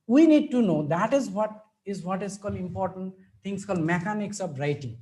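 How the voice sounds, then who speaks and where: A man's voice: sits high, animated, fairly quick, few pauses, warm tone, rough recording. A man with an Indian English accent giving a webinar lecture as a teacher trainer, explaining step by step and checking in often with his listeners.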